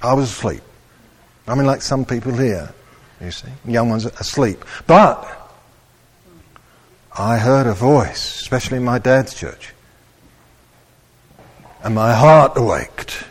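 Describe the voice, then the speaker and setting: A man preaching a sermon, slow and animated, rising to loud emphatic peaks. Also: medium pitch.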